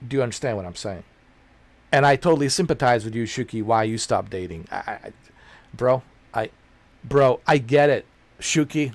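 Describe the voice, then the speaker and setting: Brief: a male streamer with a gravelly voice on a casual, profane, rambling rant. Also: medium pitch, normal speed, pauses often. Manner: rambling, blunt and profane, repeats himself. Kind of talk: casual ranting chat.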